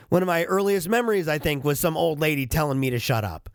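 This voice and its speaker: A man's voice: on the high side, moderate pace, no room sound. Chatty, self-mocking man on a studio mic. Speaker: vlogger and podcast host. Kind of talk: casual monologue to camera. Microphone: studio microphone with headphones.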